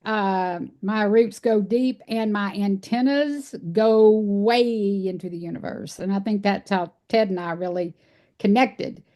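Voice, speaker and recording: An earnest, folksy storyteller from Texas, this woman is a guest on a casual interview, speaking about animal rights. Her mid-range voice is warm and a little slow.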